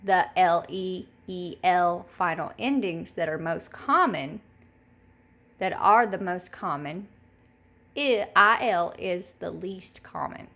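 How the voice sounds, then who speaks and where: A woman teaching a third grade phonics lesson. She speaks patiently and says each word twice, clearly, so children can repeat it. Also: fairly low pitch, animated, slow pace, a bit bright. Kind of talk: recorded classroom phonics lesson.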